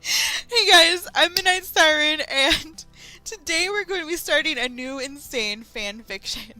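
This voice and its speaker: Young woman, high bright voice, reads fan fiction aloud and breaks off for sarcastic, swearing asides. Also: a little slow, soft background music. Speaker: fan fiction reader and host. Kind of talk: dramatic reading with comic asides.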